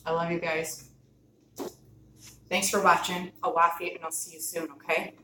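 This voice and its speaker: A woman's voice: fairly low pitch, little pitch movement, moderate pace, bright, forceful tone, a little hiss or hum. Bubbly woman gushing in a kitchen. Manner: bubbly, gushing, talks straight to viewers. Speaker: cooking vlogger. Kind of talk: casual cooking chat to camera. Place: home kitchen. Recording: echoey kitchen, mic at a distance. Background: clinking dishes and cutlery.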